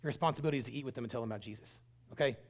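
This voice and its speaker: A middle-aged man preaching a sermon, telling stories earnestly and swinging between loud bursts and hushed lines. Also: mid-range voice, rapid-fire. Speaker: pastor.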